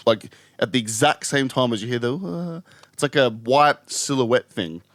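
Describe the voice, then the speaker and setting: A young man, a podcast co-host telling a ghost story in casual, animated chat, swearing freely. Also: normal speed, no room sound. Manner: animated, swears a lot, acts out quotes in a higher voice.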